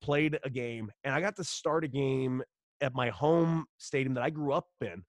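A man's voice: mid-range voice, moderate pace, dry recording. A man in his thirties tells his story in a casual interview, voicing each person in it and swearing freely. His voice is dry and close, recorded with little room sound. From Los Angeles, United States. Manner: animated storyteller, acts out quoted dialogue, swears freely. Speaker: former pro baseball player, guest.

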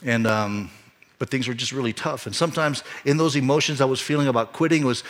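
A man's voice: medium pitch, brisk. A middle-aged man, a pastor, telling a personal story in a sermon, earnest and rising to emphatic peaks. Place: church.

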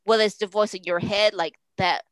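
A woman's voice: medium pitch, steady tone, fairly quick, dry recording, rough recording. A woman speaking as a podcast guest in a casual, rambling, earnest way, often restarting and repeating words. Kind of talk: casual interview talk.

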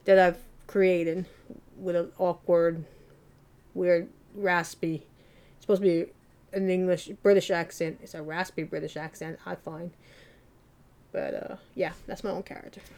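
A woman hosting a solo podcast, talking in a rambling, self-deprecating, soft-spoken way. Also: fairly low pitch, little pitch movement, unhurried, pauses often. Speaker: podcast host. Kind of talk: casual solo podcast monologue.

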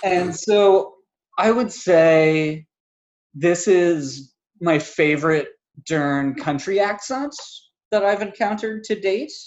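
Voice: mid-range voice, expressive, takes it slowly, a little mellow, muffled recording. A podcast co-host in a casual film review chat, rambling with lots of filler words and frequent laughs.

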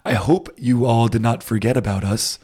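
A man's voice: medium pitch, fairly even intonation, moderate pace, warm tone, slightly rough. A man hosting a podcast in casual chat, laid-back and jokey. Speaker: podcast host.

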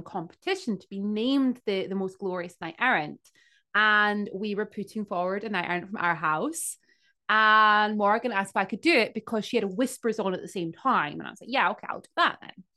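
A woman's voice: mid-range voice, bright, forceful tone. Chatty woman telling a story. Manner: chatty, acts out quotes. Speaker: podcast co-host. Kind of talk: casual storytelling.

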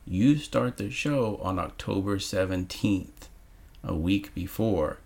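A man's voice: deep voice, lively intonation, slow pace, vocal fry, darkish tone. A man co-hosting a podcast, chatting casually and sarcastically about a movie, swearing freely. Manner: sarcastic, profane. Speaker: podcast co-host.

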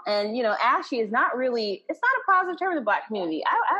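A woman from Texas with a light Texan twang, co-hosting a podcast in a lively, casual way. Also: on the high side, very fast, few pauses, husky, big-room sound. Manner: animated, laughs easily. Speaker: podcast co-host. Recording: slightly dull lo-fi sound.

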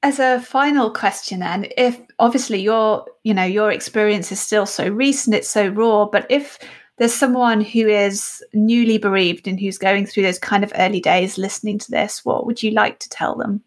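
A woman interviewer asking a careful, gently phrased question. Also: medium pitch, steady tone, moderate pace, few pauses.

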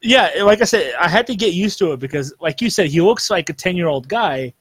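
A man's voice: sits high, expressive, brisk, fairly bright tone, husky, no echo. A man chatting casually on a podcast, rambling with lots of fillers and restarts. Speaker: podcast co-host. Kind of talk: casual chat.

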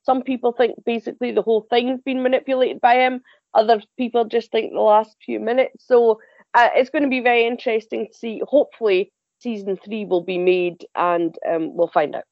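A woman's voice: on the high side, steady tone, a little fast, no room sound, muffled recording. A woman contributing to a podcast chat, talking enthusiastically about TV shows. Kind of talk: casual chat.

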